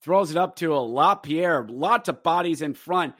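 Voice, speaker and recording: A man hosting a podcast, rambling casually with fillers through a game recap and slipping into excited play-by-play. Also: mid-range voice, a little fast, vocal fry, hardly any pauses, no echo, studio quality. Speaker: podcast host.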